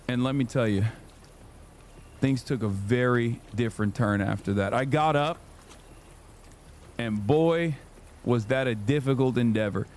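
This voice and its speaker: Animated, profane male streamer telling a story. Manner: animated, profane, jumps into high quoted voices. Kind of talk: casual storytelling on a livestream.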